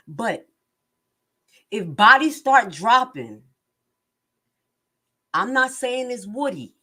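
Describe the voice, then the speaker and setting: Woman, middle-aged, a bit high-pitched, blunt, streetwise, preachy live-stream talk. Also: fairly bright tone. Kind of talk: impassioned live-stream commentary.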